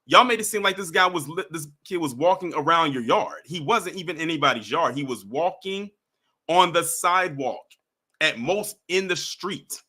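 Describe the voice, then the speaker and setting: A man's voice: fairly high pitch, lively intonation, moderate pace, pushed and bright. A man reading a news story aloud and breaking off into emphatic, indignant commentary. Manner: emphatic, indignant asides between read passages. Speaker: commentary streamer.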